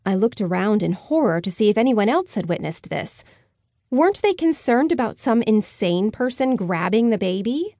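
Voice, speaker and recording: Woman reading a first-person story, dry close mic, wry sarcastic asides, mid pitch. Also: very animated, moderate pace, mellow, no echo. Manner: wry, sardonic inner commentary. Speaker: audiobook narrator. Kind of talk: first-person scripted narration.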